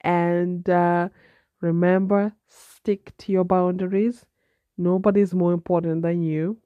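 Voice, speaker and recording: A woman's voice: lowish voice, level tone, a little slow, dry recording, narrow, tinny audio. A woman from Zimbabwe hosting a solo podcast, chatty and advice-giving with a nasal, congested voice and repeated phrases. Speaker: podcast host.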